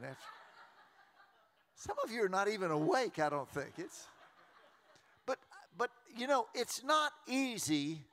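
A man, preaching a sermon as a pastor in a folksy, joking way with quick restarts. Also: high voice, sing-song, fairly bright tone. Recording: long reverb of a large hall.

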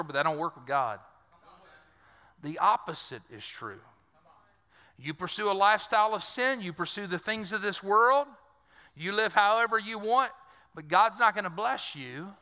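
A middle-aged man from south Louisiana preaching a sermon, with a folksy, conversational delivery and quick asides, heard in a church hall. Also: high-pitched, pushed and bright. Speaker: pastor. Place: church sanctuary. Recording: long reverb of a large church hall.

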